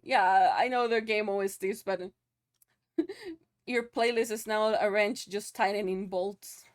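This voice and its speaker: A woman's voice: mid-range voice, slow. A young woman streaming live, chatting loosely with her viewers, laughing often and swearing casually.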